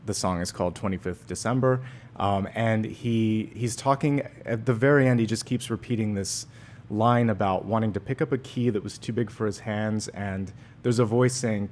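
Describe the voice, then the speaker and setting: A tarot reader and medium gives a monthly forecast in a lowish male voice, with a little hiss or hum audible. He sounds earnest and gently encouraging, pausing and using fillers as he talks.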